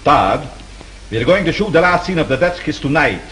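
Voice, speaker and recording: Calm, authoritative male studio boss, animated delivery, vintage film. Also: fairly high pitch, moderate pace, slight background noise, rough recording. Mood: decisive. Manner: calming, decisive. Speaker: studio executive.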